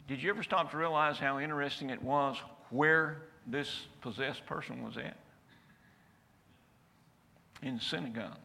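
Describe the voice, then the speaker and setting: Forceful preacher, older man. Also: medium pitch, creaky. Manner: folksy, builds to emphatic declarations. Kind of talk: sermon. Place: church sanctuary. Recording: reverberant church hall.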